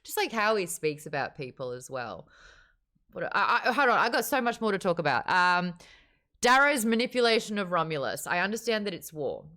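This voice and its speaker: A woman hosting a book club chat, animated and casual, swearing freely and laughing often. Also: fairly low pitch.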